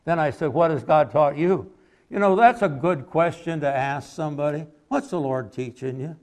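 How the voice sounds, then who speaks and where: A man preaching an evening sermon in a folksy, conversational way, with homely anecdotes and quiet endings to his points. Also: fairly high pitch, moderate pace. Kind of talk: sermon with storytelling.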